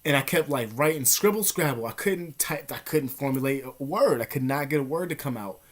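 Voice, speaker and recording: A man's voice: mid-range voice, a little fast. Young man telling a wild story. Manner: profane, slangy, animated, drops to whispers. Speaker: vlogger. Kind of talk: casual storytelling.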